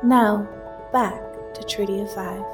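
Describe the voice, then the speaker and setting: A woman reading a scripted recap in a measured, announcer-like way. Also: medium pitch, steady tone. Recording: distant voice over music.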